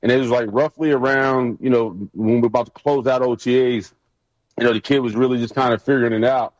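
A former football player in his thirties tells stories with animation, acting out his coaches. His voice comes through a dull, muffled line with no room sound at all. He speaks at an ordinary pitch. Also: fast talker, no room sound. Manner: animated storyteller, acts out coaches' yelling. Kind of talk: casual storytelling on a radio show.

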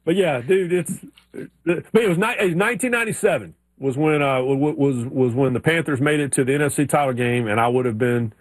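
A man co-hosting a sports radio show, an animated storyteller who slips into drawling voices. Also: mid-range voice, brisk, no echo. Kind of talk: casual sports chat.

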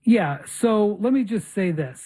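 A man's voice: high-pitched, lively intonation, a little slow, mellow. A man hosting a podcast, chatting casually and telling long rambling stories about his own mix-ups. He pokes fun at himself and doubles back to restart his sentences as he goes. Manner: rambling storyteller, self-mocking. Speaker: podcast host. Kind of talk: casual chat.

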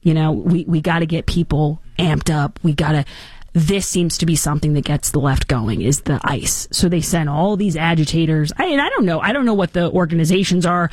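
A woman in her thirties hosting an opinionated talk show, animated and mocking in her delivery. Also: on the low side, no echo, clean studio sound. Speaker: host.

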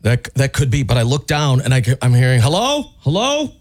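Man, animated storyteller, mid pitch, dry close mic. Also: a little fast, no room sound. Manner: animated storyteller, acts out voices with high-pitched quotes and laughs. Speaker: co-host telling a story. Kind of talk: casual radio-style chat.

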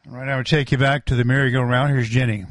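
A man reading the weather forecast on a radio show in a steady, measured way. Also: mid-range voice, dry recording.

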